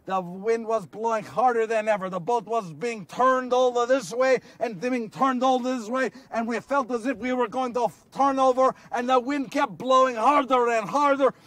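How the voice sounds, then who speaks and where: A man's voice: extremely high pitch, moderate pace, hardly any pauses, no room sound, distant mic. A man playing an earnest apostle who recalls miracles in a first-person monologue, telling the story and asking his listeners questions, recorded outdoors. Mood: fervent. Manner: storytelling, rhetorical questions to listeners, builds to shouts. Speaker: actor in a one-man biblical monologue. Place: outdoors on location.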